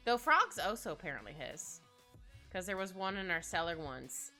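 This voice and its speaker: A woman's voice: sing-song, normal speed, sharp tone, faint music behind. A young Canadian woman chatting casually with viewers while drawing on a livestream, rambling with many fillers. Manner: rambling, chatty, lots of fillers, acts out quotes in squeaky voices. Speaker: streamer.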